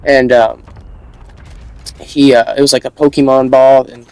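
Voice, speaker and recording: A man's voice: mid-range voice, flat delivery, measured pace, darkish tone, clear, resonant tone, rough recording. A young adult man telling a casual storytime monologue, rambling with repeated words, restarts and slang.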